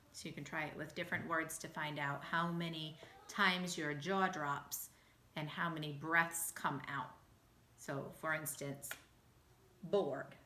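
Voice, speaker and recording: A woman teaching a phonics lesson to young children, speaking slowly and patiently, sounding out each word. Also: sits low, bright, forceful tone, a little hiss or hum. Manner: slow, patient, sounding out words. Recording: echoey room.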